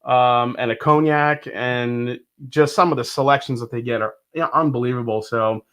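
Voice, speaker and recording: A middle-aged man hosting a casual whiskey livestream, rambling with lots of fillers and restarts, greeting the chat loudly and cheerfully. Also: mid-range voice, fairly even intonation, moderate pace. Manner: loud upbeat greetings to the chat. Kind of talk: casual live-stream chat.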